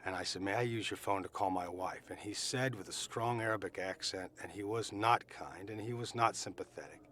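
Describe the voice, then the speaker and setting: A middle-aged man giving eyewitness testimony, telling his story earnestly and emphatically, with pauses and restarts. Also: on the low side, pushed and bright, slight background noise. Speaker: eyewitness recounting events.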